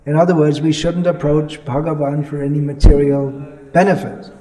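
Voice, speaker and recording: A man giving a religious lecture as a monk, measured and explanatory, pausing often and restarting his sentences. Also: a little high, steady tone, mellow, low-quality recording. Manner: halting, many pauses and restarts.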